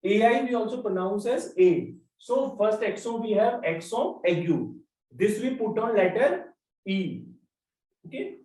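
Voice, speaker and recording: Slow, methodical male teacher in an echoey room. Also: high-pitched, animated, darkish tone. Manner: slow, step-by-step explaining, spells out letters. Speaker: French teacher. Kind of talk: classroom lesson. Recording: roomy echo, mic at a distance.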